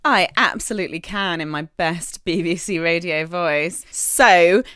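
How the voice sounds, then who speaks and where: A woman co-hosting a podcast in a relaxed, gushing chat, laughing often. Her voice is smooth and clear. The recording is close and dry, with no room sound. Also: fairly low pitch, moderate pace, no echo. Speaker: podcast co-host.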